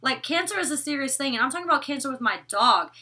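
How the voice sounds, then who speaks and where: A young woman vlogger recapping a reality show in casual chat, blunt and animated, cursing freely. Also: sits high, fast talker, distant mic. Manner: blunt, animated, gossipy with swearing. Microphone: desk microphone.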